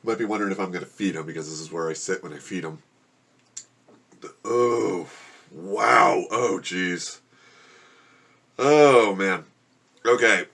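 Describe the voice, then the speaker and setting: A man with a somewhat low voice talks casually to the camera from his room at home. He groans and complains as he struggles through a very spicy meal. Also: unhurried, gravelly, pauses often, fairly bright tone. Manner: groaning and complaining while eating spicy food. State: suffering from spicy food. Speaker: vlogger. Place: home room with a gecko habitat.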